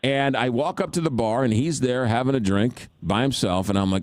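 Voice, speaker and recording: A man hosting a radio talk show, telling a story in an animated, self-mocking way. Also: medium pitch, fairly quick, few pauses, no room sound.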